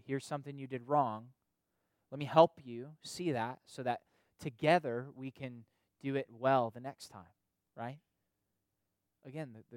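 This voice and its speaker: A man's voice: mid-range voice, dry recording. Conversational preaching man, dry sound. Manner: conversational preaching, frequent "right?" tag questions and repetitions. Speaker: pastor or youth leader. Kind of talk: sermon.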